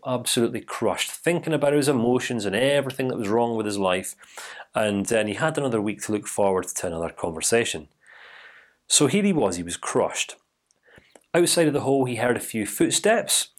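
Animated male life coach telling a story. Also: mid-range voice, normal speed. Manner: animated, dramatic storytelling with many restarts. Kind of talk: storytelling to camera.

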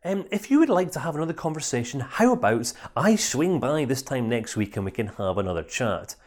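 A man's voice: medium pitch, big pitch swings, fairly quick, a little mellow. A man voicing a polite female counsellor who is cutting a session short in a breezy, apologetic way.

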